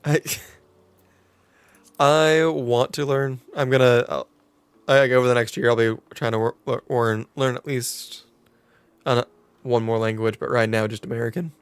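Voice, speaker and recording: A man's voice: mid-range voice, steady tone, a little slow, long pauses, clean tone, no echo. A man chatting casually with viewers while streaming a game, chatty and self-teasing. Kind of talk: casual gameplay commentary.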